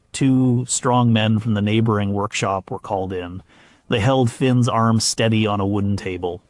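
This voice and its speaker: A man narrating a scripted history documentary in a measured way, with occasional stumbles and fillers. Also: lowish voice, no echo.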